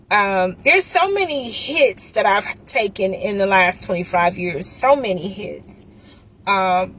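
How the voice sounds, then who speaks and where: A middle-aged woman chatting casually with viewers on a livestream, heartfelt and emotional, pausing often with ums. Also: medium pitch, fairly bright tone, slight background noise. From Chicago area. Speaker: vlogger and insurance agent. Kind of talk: casual live-stream chat with viewers. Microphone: phone.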